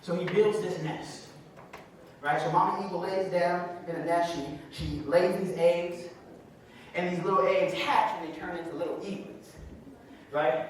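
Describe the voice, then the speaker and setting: A man telling a story in a sermon, animated and calling to the crowd. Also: sits high, moderate pace, a little hiss or hum. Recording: echoey hall from far off.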